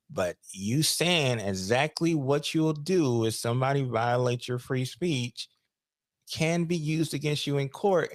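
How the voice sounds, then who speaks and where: A man's voice: medium pitch, dry recording, studio quality. A man moderating an online debate on a call, laid-back and joking.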